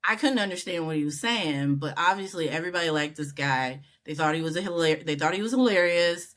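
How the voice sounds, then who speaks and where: A middle-aged woman from the United States, a guest in an interview, tells a casual story and acts out the people she quotes with big vocal jumps. Her voice is low-pitched and fairly bright, and she talks fairly quickly.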